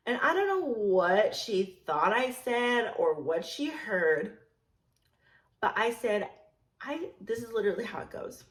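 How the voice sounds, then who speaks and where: A young woman telling a casual storytime vlog about her serving job, animated, blunt and full of swearing and emphatic repetition. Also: mid-range voice, measured pace. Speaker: storyteller recounting her work as a server.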